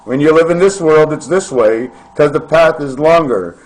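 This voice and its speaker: A man vlogging in a meandering, free-associating monologue to camera, with sudden loud bursts. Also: a little high, moderate pace.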